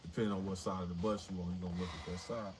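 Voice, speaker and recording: A man's voice: low-pitched, fairly even intonation, very fast. A man in his forties telling a story casually and animatedly on a livestream, swearing freely. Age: 40s. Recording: noisy livestream audio.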